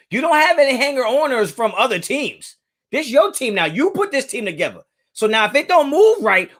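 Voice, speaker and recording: A man hosts a live sports fan stream in a high, fairly bright voice. His delivery to the chat is casual and emphatic, aimed directly at viewers, and he tends to repeat himself to make his points.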